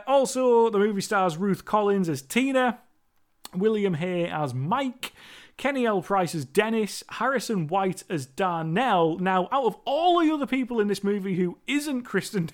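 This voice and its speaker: A movie reviewer talking through a film in a rambling, chatty monologue, swearing casually now and then. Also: mid-range voice.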